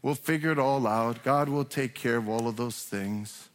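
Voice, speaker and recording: A man's voice: medium pitch, normal speed. A man preaching a sermon as pastor, talking conversationally with frequent restarts and rising in emphasis on key points. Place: church sanctuary. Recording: long hall reverb.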